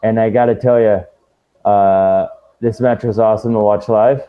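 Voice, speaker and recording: A man co-hosting a casual wrestling podcast over an internet call, talking like an excitable, easily distracted fan. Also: lowish voice, moderate pace, clean tone, dull audio. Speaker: podcast co-host.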